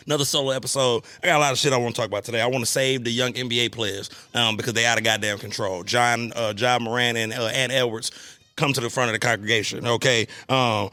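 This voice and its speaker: Gravelly fast-talking man hosting a podcast. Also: medium pitch, sharp tone, dry recording. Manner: loose, swearing, repeats "you know what I'm saying". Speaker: podcast host. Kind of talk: casual solo podcast chat. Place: cigar lounge.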